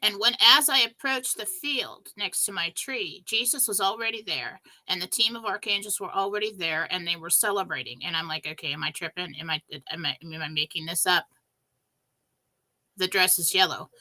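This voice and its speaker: A woman hosting a show, telling a spiritual story in an emphatic, breathless, animated way. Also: lowish voice, normal speed, low-quality recording. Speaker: show host.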